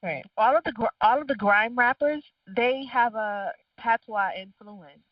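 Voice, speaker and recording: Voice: medium pitch, measured pace, no room sound. A podcast co-host chatting casually, cutting in with short agreements and swearing easily. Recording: dull distant lo-fi dry recording.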